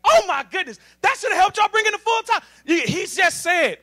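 High-voiced, emphatic preacher man. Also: lively intonation, normal speed, hardly any pauses. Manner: emphatic, call-and-response preaching, rises to shouting. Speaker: assistant minister. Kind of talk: sermon.

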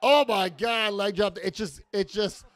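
A man in his thirties giving excitable watch-along commentary on his own wrestling match, exclaiming, laughing in disbelief and swearing now and then. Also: high-pitched, unhurried, no room sound.

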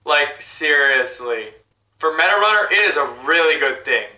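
A man hosting a reaction video, chatting excitedly to viewers. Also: fairly high pitch, normal speed, echoey room, far from the mic. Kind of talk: casual reaction commentary.

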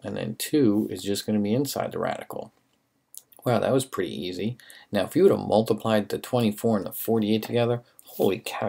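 A man with a very low, gravelly voice that has a husky edge, teaching math in a recorded lesson. He talks casually and works through each step out loud. His tone is encouraging throughout.

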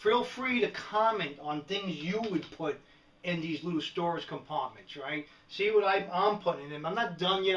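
A man's voice: fairly high pitch, a bit bright. A man casually showing off his gear in a joking, chatty home video, often checking in with "right?" and "all right". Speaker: prepper video host. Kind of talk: casual show-and-tell vlog. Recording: dull lo-fi home video audio.

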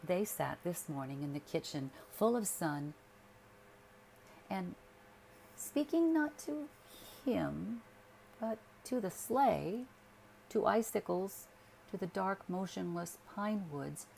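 Low, slow, gravelly woman narrator. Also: lively intonation, darkish tone, a little hiss or hum. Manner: slow, soothing, measured. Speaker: bedtime story narrator. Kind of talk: sleep story narration.

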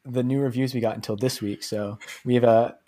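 Husky-voiced man hosting a podcast. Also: medium pitch, fairly even intonation, a little fast, dark tone. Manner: joking, reads reviews aloud. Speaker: podcast co-host. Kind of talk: casual chat.

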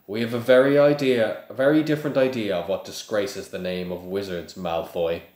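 A man's voice: on the low side, fairly even intonation, normal speed, darkish tone, roomy sound, natural voice. A man reading aloud voices a flustered, indignant middle-aged father.

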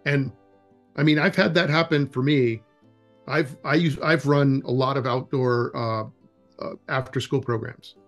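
Man, interview guest, mid-pitched voice, rambling anecdotes, acts out dialogue, soft music underneath. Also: fairly even intonation, measured pace. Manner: loose and rambling, with frequent restarts. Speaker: executive director of a wilderness education program, interview guest. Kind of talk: casual interview storytelling.

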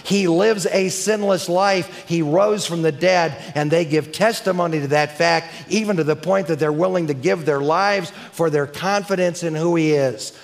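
A man preaching a sermon emphatically, building to crescendos and slowing down to stress key words. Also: fairly high pitch. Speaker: preacher and teacher. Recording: long hall reverb.

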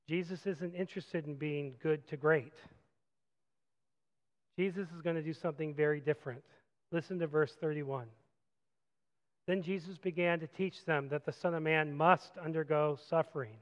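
A man preaching a sermon as pastor, animated, moving from loud acted-out quotes to quiet reflective passages. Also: fairly high pitch, big-room sound, muffled recording. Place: church sanctuary.

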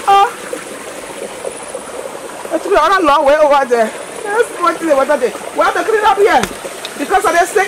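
High-voiced woman, exclaiming outdoors. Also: brisk. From Liberia. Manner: excitable, exclaiming and talking to herself and viewers. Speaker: vlogger. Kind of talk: walking farm vlog. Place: outdoors on a farm by a stream. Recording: noisy outdoor audio with running water.

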